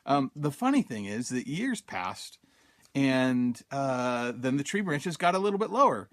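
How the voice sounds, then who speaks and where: A man's voice: medium pitch, big pitch swings, a little slow. A man hosting a self-help podcast, telling a personal story casually, with many fillers, and acting out his own thoughts in quotes. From Utah, USA. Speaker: podcast host.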